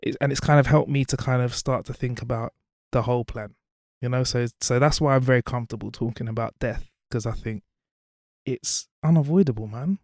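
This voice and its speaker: Brief: twenties male presenter, lively conversational storyteller, dry close room. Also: medium pitch, brisk, no echo. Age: 20s. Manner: animated, lots of "you know". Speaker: guest, media presenter. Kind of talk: casual interview chat and storytelling.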